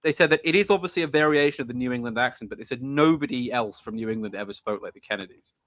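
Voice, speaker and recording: A man's voice: medium pitch, racing, fairly bright tone, no room sound, dull audio. A man in casual conversation, chatty, who laughs often and likes mimicking voices. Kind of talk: casual chat.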